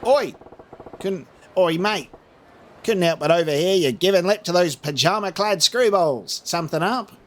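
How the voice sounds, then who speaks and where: A man's voice: high-pitched, expressive, normal speed, fairly bright tone, a little hiss or hum, pitched above the performer's own voice. A man voicing a brash streetwise character with an exaggerated Australian accent. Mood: cocky. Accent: put-on Australian. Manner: brash, cocky. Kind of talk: reading game dialogue aloud.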